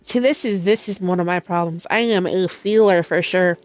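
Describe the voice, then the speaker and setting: A woman's voice: lowish voice, normal speed, dry recording. A young adult woman streaming a game, talking in a heartfelt, emotional and rambling way with many fillers. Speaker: gaming streamer. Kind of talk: casual chat while playing. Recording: faint music in background.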